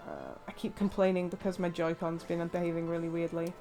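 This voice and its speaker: A woman's voice: on the low side, level tone, fairly quick, mellow, faint music behind. An English woman giving casual, rambling commentary while playing a video game. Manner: chatty, rambling, many fillers and laughs. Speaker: let's play host.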